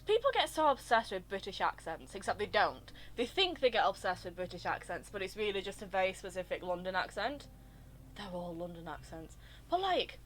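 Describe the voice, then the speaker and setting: A woman's voice: medium pitch, fairly bright tone, slight background noise. A woman streaming a game, chatting casually in a gushing, rambling way. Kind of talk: casual live-stream chat over gameplay.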